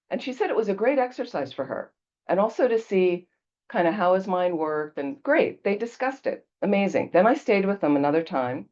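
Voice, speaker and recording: A woman's voice: medium pitch, lively intonation, brisk, a little mellow, highs cut off. A woman Buddhist teacher giving a casual dharma talk, telling stories conversationally and checking in with her listeners. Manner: conversational storytelling, checks in with "okay?".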